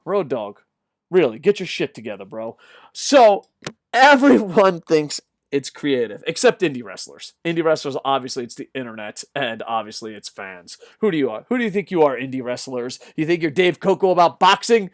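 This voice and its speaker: Animated, profane man ranting on sports news. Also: fairly high pitch, no echo, clean studio sound. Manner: mocks others with quick put-on voices. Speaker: host of a combat sports news show. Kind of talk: casual news commentary rant.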